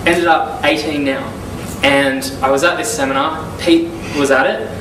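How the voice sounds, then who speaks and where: A young man recounts his early business days in a casual, animated way, slipping into the voices of the people he talked to. He sounds set back from the mic in an echoey room, with steady noise behind him and a middling pitch. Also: normal speed, distant mic. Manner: animated storyteller, acts out phone calls and quotes. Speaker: business consultant giving a testimonial. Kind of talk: casual storytelling testimonial.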